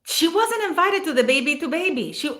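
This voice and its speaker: A woman's voice: sits high, lively intonation, a little fast, fairly bright tone. Rambling, emotional woman chatting on a livestream. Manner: rambling and emotional, often tearful, thanks viewers by name. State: near tears at times. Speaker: livestream host. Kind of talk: casual livestream chat.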